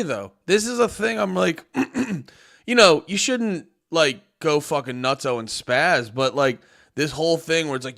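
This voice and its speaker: A man's voice: fairly high pitch, lively intonation, moderate pace, fairly bright tone. A man streaming casual reaction commentary in a loose, joking, profane way, often breaking into laughs.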